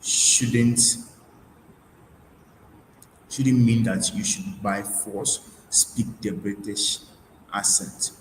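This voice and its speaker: A man with a fairly low voice gives a webinar lesson. He restates each point and often stops to restart with fillers. The room sounds roomy, with a faint hiss behind him. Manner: repeats key points, frequent fillers and restarts. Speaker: IELTS tutor. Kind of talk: webinar lecture.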